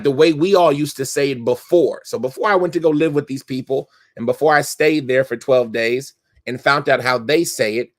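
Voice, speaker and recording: Man, teacher, mosque class, hadith lesson, reads Arabic quickly, explains terms, thinks aloud. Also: mid-range voice, no echo, studio quality.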